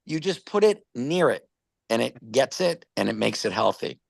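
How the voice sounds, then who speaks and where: A man's voice: mid-range voice, big pitch swings, moderate pace, vocal fry, husky, dry recording. A man casually presenting a product on a live stream, rambling through stories and stumbling over repeated words.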